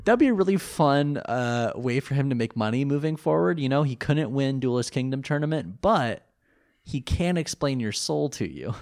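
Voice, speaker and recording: A man co-hosting a casual podcast chat, recapping an anime episode with animated, laughing delivery. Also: medium pitch, normal speed. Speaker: podcast co-host.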